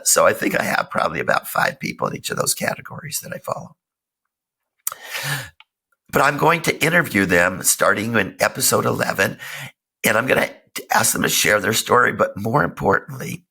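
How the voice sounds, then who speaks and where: A middle-aged man hosting a self-help podcast, talking casually and earnestly while hoarse from a cold. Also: lowish voice, sharp tone. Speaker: podcast host. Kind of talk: casual solo podcast talk.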